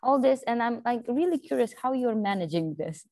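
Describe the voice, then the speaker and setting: A woman interviewer who talks haltingly, searching for words with many restarts. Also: fairly high pitch, expressive, dark tone, no echo. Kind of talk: casual interview conversation.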